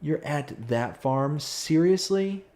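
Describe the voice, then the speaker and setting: Here the streamer's voice is fairly high and a little mellow, slow but with lively intonation. Playing a farming game live, he chats loosely, reads out what viewers write, and lets out sudden self-mocking cries of frustration.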